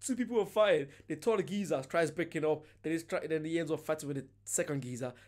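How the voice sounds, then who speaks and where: A man hosting a reaction video, chatting casually in an excitable way and laughing often. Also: a little high, fast.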